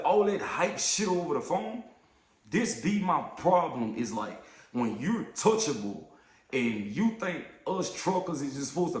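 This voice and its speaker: A man who drives trucks tells a story in a casual rant, heated and profane, getting louder and sharper when riled. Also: a little high, reverberant.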